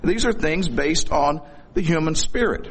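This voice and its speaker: A man's voice: fairly high pitch, lively intonation, measured pace, vocal fry, husky. A middle-aged man preaching a sermon in a folksy, storytelling way, with corny jokes.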